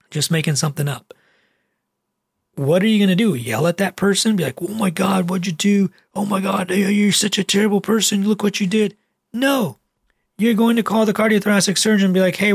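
A man's voice: on the high side, slightly rough, no echo, studio quality. A male physician giving a casual, emphatic vlog talk, with repetitive phrasing and slang.

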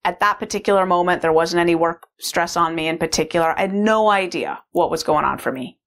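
A woman's voice: on the low side, brisk, creaky. A woman sharing a candid, reflective personal story as a course participant, with frequent fillers. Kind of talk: personal testimonial talk.

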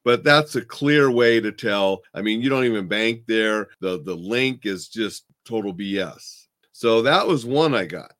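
A man's voice: lowish voice, lively intonation, measured pace, few pauses, fairly bright tone. A man hosting a casual chat, telling stories in a blunt, plainspoken way from his home desk. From Montana, United States. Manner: plainspoken, blunt, chatty storytelling. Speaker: host.

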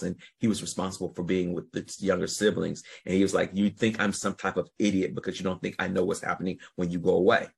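Husky man telling a story casually. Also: sits low. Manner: rambling, restarts, swears freely. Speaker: podcast host.

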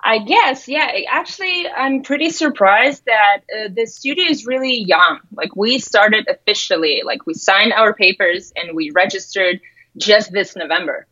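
A woman's voice: mid-range voice, expressive, a little slow, sharp tone. Woman guest, chatty w/ lots of ums, slightly dull lo-fi sound. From Russia. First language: Russian. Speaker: guest, graphic designer. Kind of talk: casual interview.

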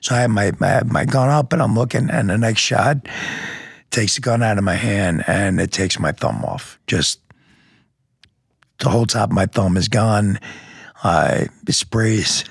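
A man with a low, gravelly voice that is deeply husky and rough, recounting events in vivid detail. He talks bluntly and throws in sound effects. The sound is dry and close on a studio mic. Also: measured pace, dry recording. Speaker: police lieutenant, guest. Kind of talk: step-by-step recounting in a podcast interview.

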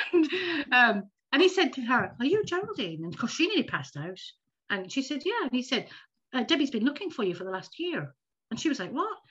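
A woman in her fifties telling a personal story in a casual, animated chat as a podcast guest. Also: on the high side, fairly quick, husky. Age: 50s. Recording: dull lo-fi audio.

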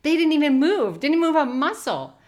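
A middle-aged woman with a slightly high voice co-hosts a podcast. She tells stories in a casual, animated way and laughs often. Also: moderate pace. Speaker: podcast co-host. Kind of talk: casual storytelling chat.

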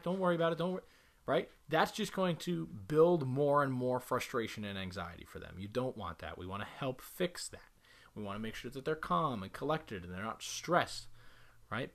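A man's voice: mid-range voice, fairly bright tone. A man who is a parent, giving direct, emphatic instructions on dog training to the camera and repeating the key points.

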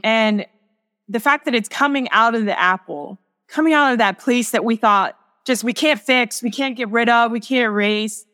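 A woman's voice: on the high side, normal speed, sharp tone, clean tone, big-room sound. A young woman, a sacred artist, speaking as a guest in a podcast interview, telling a personal faith story in an earnest, reflective way with many restarts.

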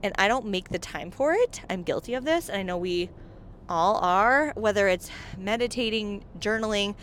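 A woman's voice: medium pitch, lively intonation, normal speed, fairly bright tone, slight background noise. A pregnant woman in her thirties hosting a casual solo podcast, chatty, saying "like" often and laughing between phrases. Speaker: podcast host.

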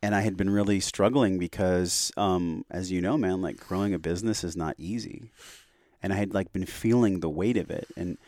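A man's voice: low-pitched, fairly even intonation, moderate pace, darkish tone, dry recording, clean studio sound. A man speaking as a podcast guest, telling a personal story in an earnest, heartfelt, reflective way.

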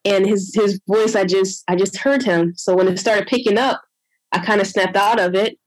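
A woman tells a personal story as a guest, in a casual, lively way, with lots of "you know" and "I'm like" along the way. Her pitch sits in an ordinary middle range. The sound is dry and close, with no room around her. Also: moderate pace, no echo, rough recording. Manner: animated, acts out her own past words in a higher voice.

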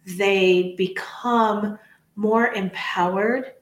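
Speaking very slowly in a medium-pitched voice, a leadership coach with an HR background earnestly discusses her views on a podcast. She emphasizes ideas through repetition and brings quotes to life animatedly, and her voice echoes in the room.

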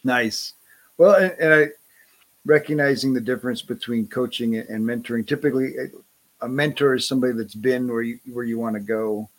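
A man's voice: mid-range voice, brisk. A man hosting a podcast interview, affirming his guest in a casual chat and stumbling over restarts. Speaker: podcast host.

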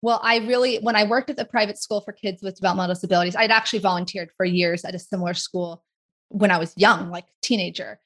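A woman in her forties, a guest in an interview, talking casually and chattily with quick asides. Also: mid-range voice, steady tone, a bit bright. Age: 40s.

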